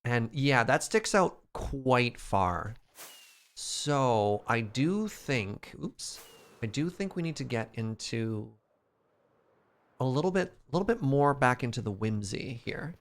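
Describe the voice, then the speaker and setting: A man's voice: medium pitch, expressive, slow. A man casually commenting as he streams a building game, chatty and playful, talking to his chat.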